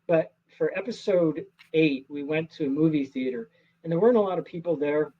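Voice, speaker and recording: A middle-aged man, an actor, telling stories in a casual interview, earnest and animated with many restarts. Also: fairly high pitch, a little fast, dull audio.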